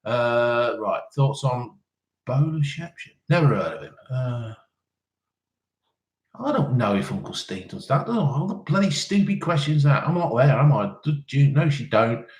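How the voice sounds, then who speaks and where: A man's voice: mid-range voice, sing-song, a little slow, reverberant. Blunt, sweary man in his fifties. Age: 50s. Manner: blunt, sweary, cheeky banter. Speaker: live-stream host reading chat questions. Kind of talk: casual live chat.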